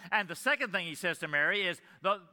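A man with a high, very bright voice preaches an earnest sermon, repeating key phrases for emphasis. At times he drops to a hushed, intimate tone. The sound carries a long reverb from the church hall. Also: expressive, quick pace. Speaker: pastor.

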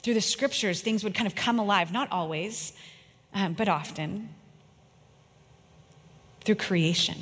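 A woman's voice: medium pitch, a little slow, long pauses, fairly bright tone, breathy edge. A woman in her thirties giving an earnest sermon, telling personal stories with emphasis. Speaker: speaker. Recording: long echo in a large room.

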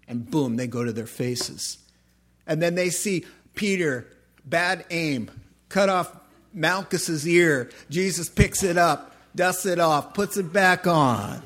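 A man preaching a sermon, emphatic, swinging between loud exclamations and quiet asides. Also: fairly high pitch, takes it slowly. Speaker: pastor.

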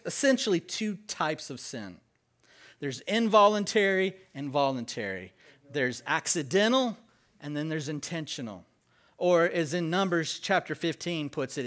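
A man preaching as pastor, leading the congregation in call-and-response and stressing key words. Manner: slow and emphatic with lively pitch swings. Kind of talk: sermon.

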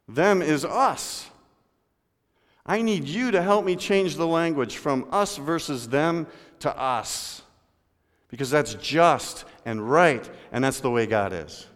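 A man preaching a sermon in a church, moving between loud emphatic lines and low hushed ones and speaking to people in the room by name. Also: animated, takes it slowly. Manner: addresses congregation members by name. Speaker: pastor. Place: church sanctuary. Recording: long hall reverb.

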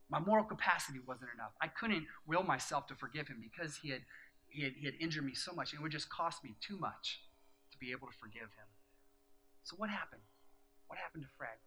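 A man preaching a sermon with passion, swinging from loud exhortation to hushed storytelling. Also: fairly high pitch, a little hiss or hum, poor audio. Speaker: pastor.

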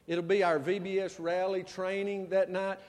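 High-voiced preacher man in reverberant church. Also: level tone, normal speed. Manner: storytelling preacher, swings from loud to soft. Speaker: pastor. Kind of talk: sermon.

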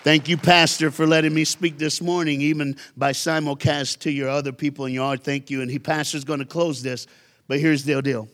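A man preaching to a church youth crowd with a bright, ringing voice pitched a touch high. He tells a story in an animated, conversational way, punching key lines with emphasis. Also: a little fast. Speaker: guest youth speaker. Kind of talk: storytelling sermon.

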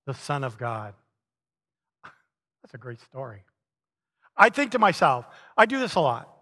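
Preaching a sermon in a large church hall with long reverb, this middle-aged pastor has a slightly higher male voice. He tells stories animatedly, breaking into chuckles.

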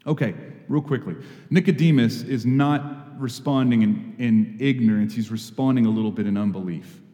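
A man's voice: medium pitch, moderate pace, dark tone, long reverb tail. A man preaching a conversational, earnest sermon with sudden emphatic rises. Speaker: pastor.

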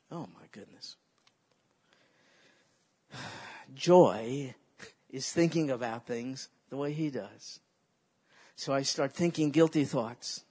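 A man's voice: medium pitch, drawn-out words, pauses often, warm tone, slightly rough. A man preaching a sermon in an emphatic, exhorting way, leading his listeners to repeat phrases back to him. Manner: leads the audience in call-and-response repetition.

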